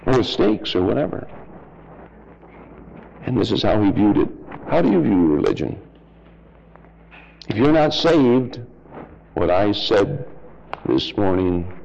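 Fiery preacher man, shouting and muttering. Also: big pitch swings, slow pace, gravelly, long pauses, highs cut off, a little hiss or hum. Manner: swings from shouting highs to low muttered asides; folksy, blunt, mocking. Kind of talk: fiery sermon.

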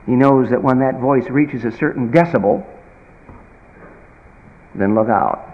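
A man preaching a sermon in an emphatic, folksy manner, swinging from loud bursts to quiet asides. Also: mid-range voice, a little slow, lo-fi sound. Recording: reverberant hall.

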